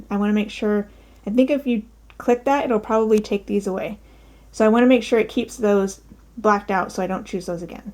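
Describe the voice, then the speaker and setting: A woman chatting casually at home while showing her cross-stitch projects, upbeat and full of ums. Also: fairly high pitch. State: out of breath. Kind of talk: casual show-and-tell vlog. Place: home, daughter's bedroom.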